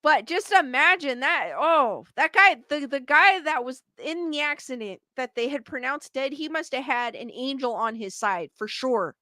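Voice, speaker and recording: A woman with a high, bright voice chats casually as she hosts, reading stories and comments aloud. She reacts freely and laughs often, and her recording sounds dry and close with no room around it. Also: lively intonation, moderate pace, few pauses, no room sound. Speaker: host reading viewer stories. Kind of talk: casual chat.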